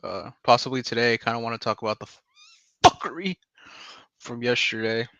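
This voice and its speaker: A man's voice: mid-range voice, fairly quick, a bit bright, dry recording. A man in his twenties chatting casually on a live voice call, rambling in slang with lots of "like" and "bro". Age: 20s. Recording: dull lo-fi mic.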